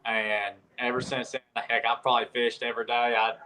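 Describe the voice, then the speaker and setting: A man's voice: medium pitch, little pitch movement, a little fast, bright, forceful tone, rough recording. A nineteen-year-old man from Alabama with a strong rural Southern accent, answering podcast questions in a plain, humble way. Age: young adult. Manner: plain-spoken, humble, strong country drawl. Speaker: guest angler. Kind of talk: podcast interview.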